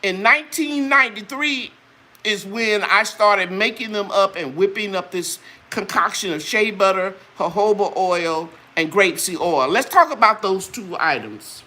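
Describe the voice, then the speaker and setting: Speaking in a mid-range voice, she takes her time, sounding pushed and bright. The older woman running the live chat preaches earnestly to the camera, recounting her personal testimony with religious zeal ahead of pitching the products she sells.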